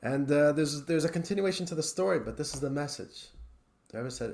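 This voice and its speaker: A man, a rabbi, giving a weekly Torah lesson as an animated storyteller who swings between loud and hushed. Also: on the high side, fairly quick, creaky.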